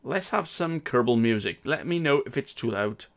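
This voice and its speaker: A chatty man with a Welsh accent hosts a game live stream. He talks in a casual, upbeat way and laughs a lot. His voice sits at an everyday middle pitch. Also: animated, normal speed.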